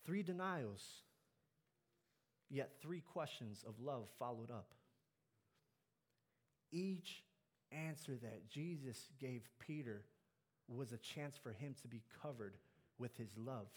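A man preaching a sermon, climbing to loud emphatic peaks and dropping low and soft on key lines. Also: expressive, slow pace, pauses often.

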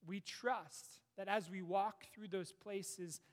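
High-voiced man preaching in an echoing hall. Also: fairly even intonation, takes it slowly. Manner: earnest, rises and falls, hushed on prayers. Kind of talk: sermon. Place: church. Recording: long reverb of a hall.

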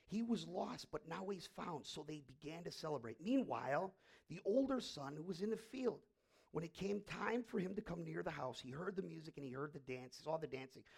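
A man's voice: on the high side, expressive, a little fast, vocal fry, darkish tone, breathy edge. A middle-aged man preaching a sermon as pastor, telling a story emphatically and asking rhetorical questions.

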